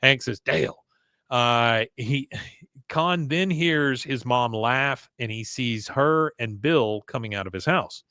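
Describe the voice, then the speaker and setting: A man's voice: mid-range voice, slow pace, bright, forceful tone, smooth, no echo. Laid-back man recapping episodes, dry sound. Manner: laid-back storytelling, acts out quotes. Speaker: podcast host.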